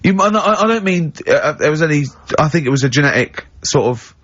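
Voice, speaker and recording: A man's voice: on the high side, lively intonation, fast, a bit bright. A man, hosting a radio show in casual banter, telling rambling anecdotes with bursts of giggly laughter. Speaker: radio host. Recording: dull lo-fi radio broadcast.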